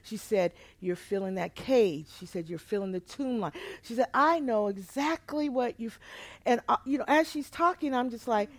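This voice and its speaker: A woman pastor telling a personal testimony in a sermon, moving between quiet, hushed storytelling and loud, emotional outbursts. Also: on the high side, animated, normal speed, no echo.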